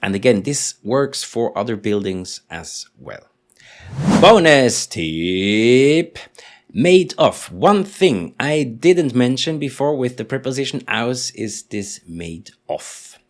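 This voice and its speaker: A man teaching in English, explaining patiently and slowly repeating example sentences. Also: mid-range voice, very animated. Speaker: German teacher. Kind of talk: language lesson explanation.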